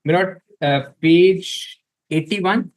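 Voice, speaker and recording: Male advocate, formal courtroom pleading, deferential yet emphatic, slightly high voice. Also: takes it slowly, rough recording. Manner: deferential, repeatedly saying my lord; emphatic, reads passages from documents.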